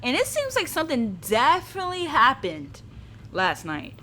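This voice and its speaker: Chatty female let's-player thinking aloud, animated pitch, with steady background noise. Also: normal speed. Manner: chatty, musing aloud, giggly. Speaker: let's play gamer. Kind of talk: casual game commentary.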